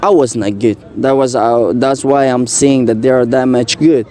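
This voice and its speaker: An earnest young man whose first language is French tells a personal story in casual conversation. His mid-range voice is steady and warm, though his delivery is halting, full of fillers and restarts.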